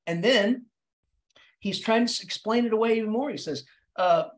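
A male English professor giving a literature lecture with theatrical energy. His voice jumps suddenly from low musings to high exclamations, and he often restarts and repeats words as he talks his way through ideas. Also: moderate pace. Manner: animated, dramatic delivery with sudden pitch jumps.

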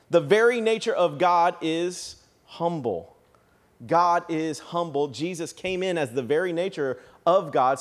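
A male pastor preaching a sermon, animated, acting out the shouting crowd as he tells it. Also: on the high side. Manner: animated, acts out excited crowd voices.

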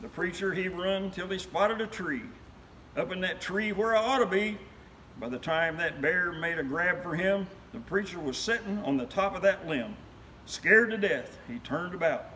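High-voiced man reciting a funny story poem. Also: lively intonation, moderate pace, a little hiss or hum, rough recording. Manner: rhythmic storytelling with loud, rising cries. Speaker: guest.

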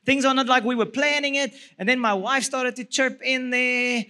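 South African man speaking at a church marriage seminar, very high bright voice, lively and laughing. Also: moderate pace. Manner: lively, laughs through his story. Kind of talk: storytelling church talk.

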